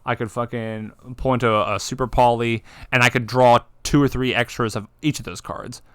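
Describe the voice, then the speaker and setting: A man co-hosting a podcast, talking excitedly about card games, swearing and acting out game moments. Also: medium pitch, fairly quick, smooth, dry recording, studio quality. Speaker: podcast co-host. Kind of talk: casual chat.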